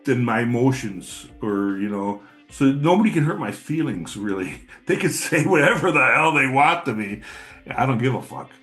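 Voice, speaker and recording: A man's voice: medium pitch, a bit bright. A middle-aged man in a casual personal monologue, blunt and profane, rambling with repeated words. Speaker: channel host.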